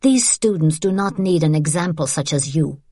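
A woman's voice: sits low, animated, moderate pace, mellow, husky, dry recording, clean studio sound. A woman voicing a cold, menacing male secret police agent who questions in a clipped, level way. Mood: cold menace.

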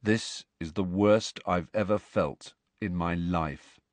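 A man's voice: fairly low pitch, expressive, moderate pace, no room sound. A man voicing a dejected, self-blaming teenage boy in an audiobook, mumbling in a dull voice. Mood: miserable.

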